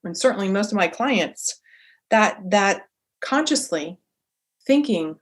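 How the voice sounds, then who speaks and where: A woman in her forties hosting a solo motivational podcast as a coach, talking in an animated, emphatic way with a lively inflection. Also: mid-range voice, slow pace.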